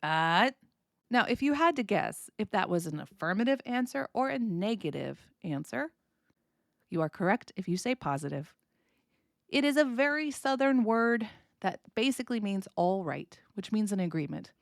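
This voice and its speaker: American woman, podcast english teacher, clear explanations, very lively pitch, dry close sound. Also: moderate pace, dry recording. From United States. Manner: clear, explanatory, demonstrates sounds with exaggerated intonation. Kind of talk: podcast lesson.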